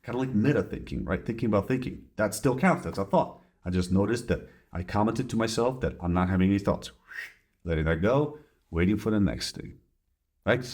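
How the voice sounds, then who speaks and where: A male therapist talks through a coping exercise in a relaxed, conversational way. He drops into worried inner voices to illustrate anxious thoughts, then comes back to plain explanation. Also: mid-range voice. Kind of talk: casual teaching talk.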